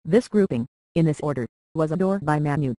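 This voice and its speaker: Dry, even reading of a scripture translation. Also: mid-range voice, dry recording, low-quality recording. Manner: slow, even recitation of verse numbers and Sanskrit terms.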